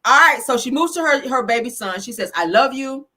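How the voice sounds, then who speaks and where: A woman's voice: fairly high pitch, lively intonation, fairly quick, pushed and bright. A woman hosting a casual live recap for viewers, telling the story in a chatty way and checking in with her listeners as she goes. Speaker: show recap host.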